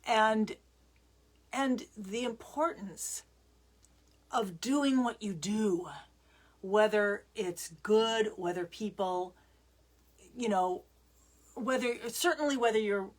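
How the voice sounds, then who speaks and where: A woman's voice: medium pitch, slow pace, long pauses. A woman musician chatting to the camera, telling a story with lots of fillers and restarts.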